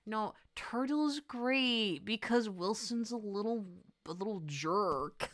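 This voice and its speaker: A young adult woman chatting casually on a livestream while she draws, excitable and gushing, laughing often. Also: medium pitch, slow pace. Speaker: art streamer.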